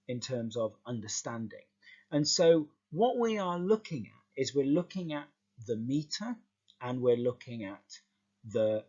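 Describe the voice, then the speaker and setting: A male teacher explains a lesson in a lively, stop-start manner, frequently repeating words along the way. His voice is mid-range and husky, and the audio sounds dull.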